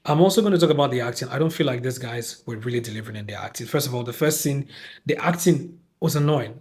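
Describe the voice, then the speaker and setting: Exasperated Nigerian man ranting animatedly. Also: on the high side. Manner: animated, exasperated, acts out quoted lines. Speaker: podcast host and film reviewer. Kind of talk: casual spoken film review.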